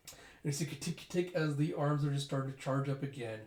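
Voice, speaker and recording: A man's voice: fairly high pitch, brisk. A man casually reading through a manga chapter aloud, adding sound effects and commentary. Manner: casual, animated, uses sound effects and fillers. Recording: roomy echo.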